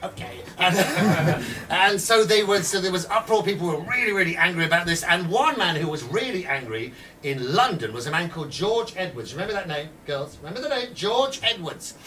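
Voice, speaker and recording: Male storyteller, high and lively, talks straight to his audience; distant mic, faint room hum. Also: brisk. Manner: lively, acts out voices, talks to listeners directly. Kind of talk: animated historical storytelling.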